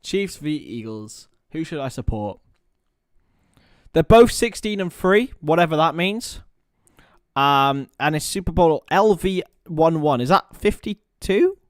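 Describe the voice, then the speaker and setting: A man's voice: on the high side, lively intonation, measured pace, no echo, clean studio sound. A young man hosting a casual live stream, rambling, joking about himself and reading out viewer comments. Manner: chatty, rambling, self-mocking, reads chat aloud. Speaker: livestream host. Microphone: webcam or computer mic.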